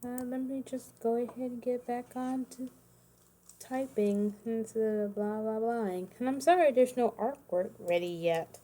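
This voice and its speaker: A woman's voice: fairly high pitch, unhurried, warm tone, slight background noise. A woman in her thirties chatting casually on a livestream, rambling and correcting herself, sounding tired. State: tired, yawning. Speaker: streamer making custom cards.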